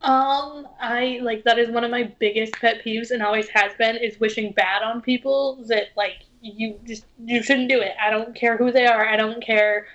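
Woman, podcast discussion, hesitant, filler-heavy, firm, slightly high voice, dull lo-fi recording. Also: steady tone, normal speed, hardly any pauses, fairly bright tone. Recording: dull lo-fi sound.

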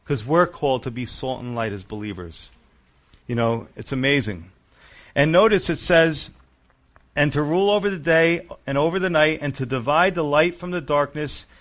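A man preaching a sermon, reading verses aloud and explaining them with emphatic, animated asides. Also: fairly high pitch. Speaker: pastor.

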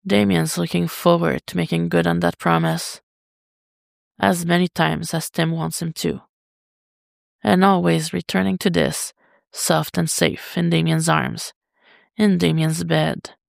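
A reader narrating a fan story as an audiobook, in an intimate, even delivery. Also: medium pitch, a little slow, vocal fry, no room sound, studio quality. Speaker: podfic reader.

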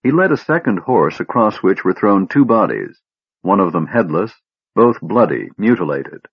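Man reading a fantasy audiobook, low voice, dry dull-sounding recording. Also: big pitch swings, normal speed, husky, no room sound. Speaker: audiobook narrator. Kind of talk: scripted narration.

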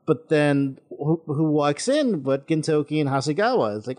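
A man co-hosting a podcast in casual chat about a manga chapter, talking in a laid-back, halting way with many restarts. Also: a little high, darkish tone. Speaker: podcast co-host.

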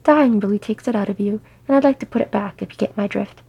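A woman voicing a cheeky old male dwarf thief, loud, chummy and wheedling. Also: medium pitch, fast talker, creaky, slightly rough, dull audio. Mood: boisterous.

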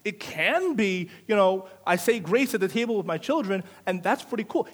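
A man's voice: high voice, expressive, moderate pace, few pauses. A man preaching a live sermon in a church service, emphatic, repeating phrases for stress.

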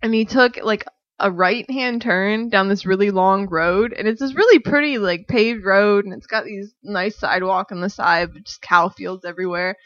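A woman's voice: mid-range voice, normal speed, fairly bright tone, dry recording. A young woman telling a casual story in a rambling way, often saying "like" and laughing. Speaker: storyteller guest. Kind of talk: casual chat. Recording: dull dry recording.

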